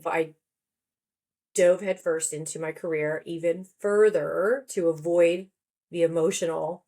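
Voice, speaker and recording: A woman in her forties with a slightly low voice tells her story as a podcast guest. She talks in a relaxed, chatty way. She slips into quoted voices as she goes. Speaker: guest, therapist and author. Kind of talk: conversational podcast interview.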